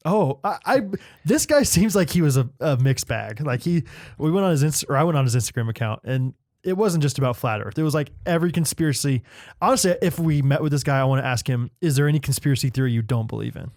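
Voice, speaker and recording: Slightly high-voiced man, rambling podcast chat. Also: animated, a little fast, a little mellow, no room sound, studio quality. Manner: hesitant, rambling, with many fillers and restarts. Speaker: podcast co-host. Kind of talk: casual chat.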